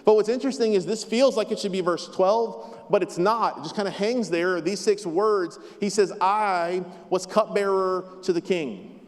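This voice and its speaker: High-voiced man preaching in a reverberant hall. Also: moderate pace, hardly any pauses. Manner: emphatic and repetitive, with light humor. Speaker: pastor. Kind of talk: sermon. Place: church sanctuary.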